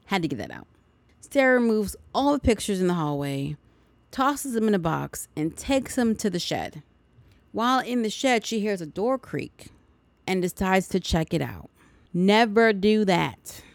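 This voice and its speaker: A woman's voice: medium pitch, vocal fry, dry recording. A woman hosting a podcast, recapping a movie in a chatty way with sarcastic asides. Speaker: podcast host.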